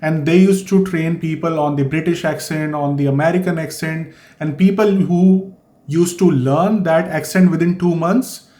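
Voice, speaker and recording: A man's voice: on the high side, moderate pace, dark tone. A man from India with an Indian accent, giving earnest, explanatory advice in a vlog and repeating his key points. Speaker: vlogger. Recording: echoey room.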